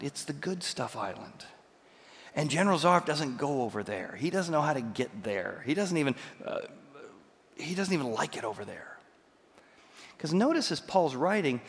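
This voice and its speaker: Animated preacher in a reverberant hall. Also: male voice, a little high. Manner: animated storytelling, jumps between loud and soft. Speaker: pastor. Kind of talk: sermon.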